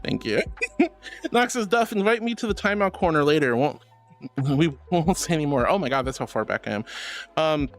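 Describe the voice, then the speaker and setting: A man's voice: on the high side, animated, brisk. A man streaming as a VTuber, reading chat messages aloud and answering viewers affectionately, calling them sweetie and honey. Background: faint background music.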